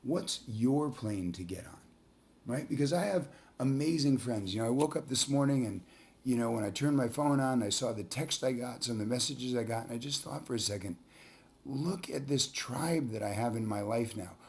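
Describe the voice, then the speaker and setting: A middle-aged man, a coach, telling a motivational story with earnest, drawn-out emphasis on key words. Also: medium pitch, lively intonation. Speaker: transformational leader and coach.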